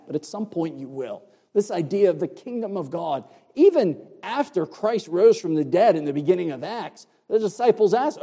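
A man preaches verse by verse, stressing each word with deliberate emphasis. His voice is dark and mellow, though pitched a touch high. The sound carries a long reverb, as in a church hall. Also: slightly rough. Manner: explains Greek words, emphatic and deliberate. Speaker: pastor. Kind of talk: expository sermon.

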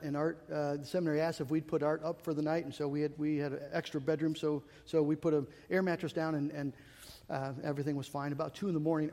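High-voiced man preaching in a hall. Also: mellow. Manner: earnest, storytelling with self-deprecating humor. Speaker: pastor. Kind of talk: sermon.

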